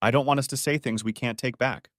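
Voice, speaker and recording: A man's voice: mid-range voice, fairly even intonation, brisk, no echo, clean studio sound, lightly acted. A man voicing a defiant, scornful young wife who talks in a sarcastic, patronizing way.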